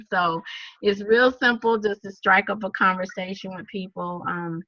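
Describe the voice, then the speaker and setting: Lively Southern woman telling stories. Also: medium pitch, measured pace, no room sound. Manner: animated storyteller, laughs often, acts out quotes. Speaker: network marketing speaker. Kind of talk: casual talk to a group on a video call. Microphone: video call. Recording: dull, dry lo-fi sound.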